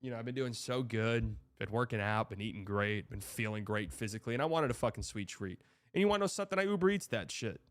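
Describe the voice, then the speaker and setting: This is a young man hosting a casual sports livestream, his medium-pitched voice captured dry and at studio quality. He rambles with exasperated, profane reactions and reads donor messages aloud.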